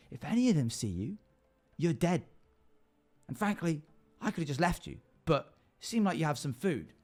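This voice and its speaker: A man's voice: a little high, pitched above the performer's own voice. A man voicing a scrappy, hungry little male goblin who talks in a cheeky, wheedling way, bargaining for food. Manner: cheeky, wheedling, deal-making.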